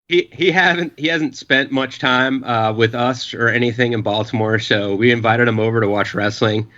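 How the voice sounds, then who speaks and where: A man's voice: mid-range voice, fairly even intonation, moderate pace, pushed and bright, dull audio. A man in his forties telling a long story in casual chat, rambling with lots of filler and acting out what people said. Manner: rambling, profane, many filler uhs, acts out quotes. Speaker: podcast guest.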